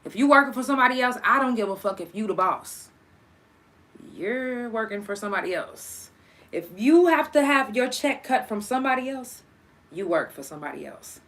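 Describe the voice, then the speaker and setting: A woman's voice: on the high side, moderate pace. A young woman hosting a casual solo podcast, cursing freely and talking straight to her listeners. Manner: profane, animated, talks to listeners directly. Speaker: podcast host.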